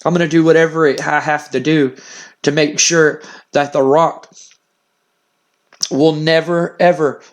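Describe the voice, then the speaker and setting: A man's voice: a little high, steady tone, measured pace, pauses often, close to an everyday voice. Man playing a domineering boss dad, stern, scolding, stubborn, slightly raised voice.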